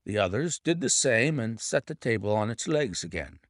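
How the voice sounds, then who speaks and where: A man narrating a detective mystery audiobook with dramatic, expressive storytelling. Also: fairly low pitch, moderate pace, no echo, clean studio sound. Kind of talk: scripted narration.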